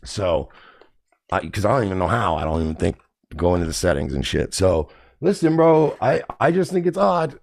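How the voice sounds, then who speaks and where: A man's voice: low-pitched, very animated, moderate pace, creaky, darkish tone, dry recording, studio quality. A man hosting a podcast, ranting casually and indignantly with plenty of profanity. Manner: profane, indignant, mocks others in put-on voices. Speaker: podcast host. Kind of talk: casual rant to camera.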